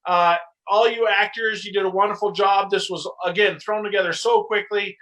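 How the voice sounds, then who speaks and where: A man's voice: sits high, fairly even intonation, moderate pace, fairly bright tone, low-quality recording. A man hosting and closing a livestream, upbeat and full of thanks, with fillers. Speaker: host.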